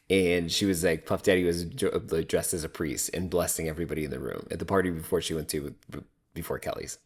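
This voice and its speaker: A man's voice: sits low, fairly even intonation, fairly quick, slightly rough. A man giving casual, opinionated commentary while recapping a reality TV episode. He thinks aloud, fills his talk with "like" and laughs easily between remarks.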